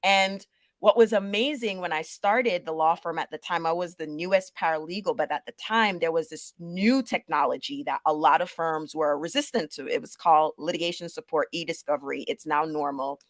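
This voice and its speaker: A woman's voice: deep voice, normal speed, dry recording. A woman from Jamaica, a paralegal manager, telling stories of her career in an interview and acting out the voices of others. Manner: animated storyteller who acts out quoted voices. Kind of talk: conversational interview storytelling.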